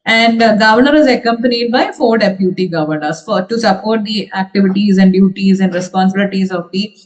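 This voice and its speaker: A woman's voice: medium pitch, brisk, rough recording. Indian woman giving a methodical exam-prep lecture. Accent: Indian English. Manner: methodical, restates key points, frequent hesitation fillers. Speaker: civil service exam trainer.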